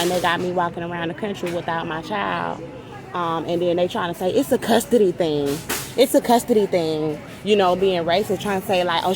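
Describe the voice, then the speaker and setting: Agitated woman ranting over background noise. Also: on the low side. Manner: agitated, rambling and profane, repeating herself. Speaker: vlogger. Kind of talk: unscripted monologue to camera. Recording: noisy background ambience.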